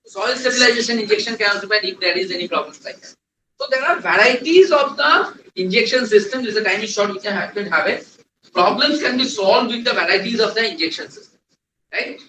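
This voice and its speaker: A man's voice: high voice, expressive, fairly quick, sharp tone, slight background noise. A man teaching a technical class, quizzing the room and repeating key points. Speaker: trainer. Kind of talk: classroom lecture. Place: lecture hall. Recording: echoey room, distant mic.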